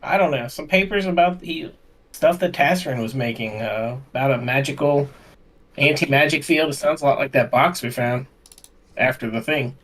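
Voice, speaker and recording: A man in the middle of a tabletop game, rambling through his character's plans and stumbling over his own restarts. He speaks at an ordinary pitch in a relaxed, casual way. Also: normal speed. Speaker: player.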